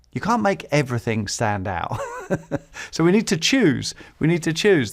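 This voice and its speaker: Man, podcast host, public-speaking lesson, animated pitch, gravelly voice, repeats key phrases. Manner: chuckles between points.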